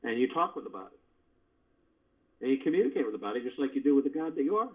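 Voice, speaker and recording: A man's voice: mid-range voice, very animated, fast talker. A man hosting a meditation call, giving spiritual teaching in a folksy, conversational way full of rhetorical questions. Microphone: phone. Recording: dull lo-fi conference call line.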